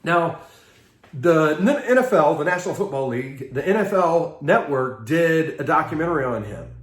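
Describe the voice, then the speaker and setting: Guy with a highish voice doing a seminar, lively storytelling w chuckles, echoey room. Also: moderate pace. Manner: lively anecdotes, chuckling, acting out quotes. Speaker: seminar speaker.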